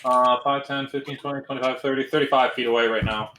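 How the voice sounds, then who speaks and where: A man running a tabletop game as game master, narrating in a relaxed, loose way with fillers. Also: mid-range voice, fast, reverberant, background noise.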